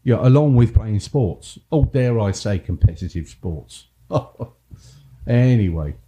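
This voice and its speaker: This is an Englishman co-hosting a podcast. His voice is low and very dark. He chats casually, ribs his co-host, and laughs often. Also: expressive, slow pace. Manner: teasing, laughs often, repeats words. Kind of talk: casual chat.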